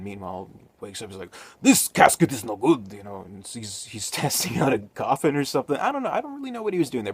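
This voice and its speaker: A man giving a casual spoken movie review, rambling with many fillers and restarts. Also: medium pitch.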